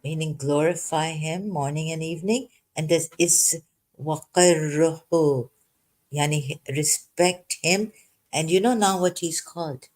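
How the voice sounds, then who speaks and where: A speaker giving a halting, informal commentary on a scripture verse, with a cough, often repeating words and restarting sentences. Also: mid-range voice. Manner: slow and deliberate, dwells on single words. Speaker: religious commentator.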